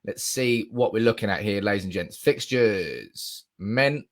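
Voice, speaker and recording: A young man live streaming as a football fan, chatting excitedly, reading comments aloud and swearing with bursts of shouting, at a desk mic indoors. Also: fairly low pitch, normal speed.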